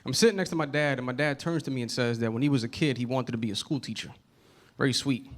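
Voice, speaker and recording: A man's voice: medium pitch, fast talker. A man from the Bronx performing a conversational stand-up set in a comedy club. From the Bronx, New York. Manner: conversational, keeps asking "you know what I mean". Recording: noisy club, audience laughter.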